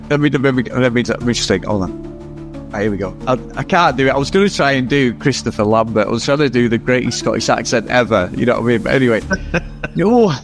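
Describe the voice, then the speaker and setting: A man's voice: medium pitch, vocal fry. A man co-hosting a film podcast, chatting casually with jokes, asides and swearing. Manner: swearing, joking, quick asides. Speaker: podcast co-host. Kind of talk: casual film-review chat.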